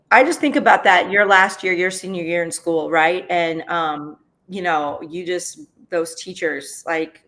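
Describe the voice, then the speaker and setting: A woman's voice: lowish voice, a bit bright. A woman reminiscing as a former school mentor, earnest and emphatic, often tossing in "right?", holding back tears. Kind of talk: heartfelt conversational reminiscence.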